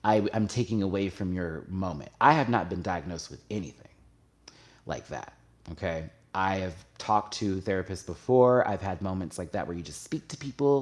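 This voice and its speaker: A man's voice: expressive, moderate pace. A man hosting his own show, talking openly and emotionally to his viewers, hesitant at first and then rising with feeling. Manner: emotional, confessional, hesitant with restarts; gets louder and higher when stirred. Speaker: YouTube show host. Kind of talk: candid personal talk to viewers.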